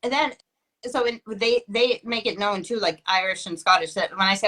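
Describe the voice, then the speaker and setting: A Canadian woman with a mid-range, fairly bright voice chats casually at a normal speed. She rambles, peppers her talk with "like," and often breaks off mid-sentence.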